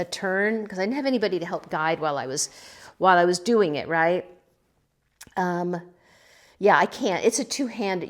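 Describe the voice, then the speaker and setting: A middle-aged woman from California chatting casually about her pottery and a local winery, emotional and laughing as she fights back tears. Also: on the low side. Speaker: pottery vlogger. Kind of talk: casual chat.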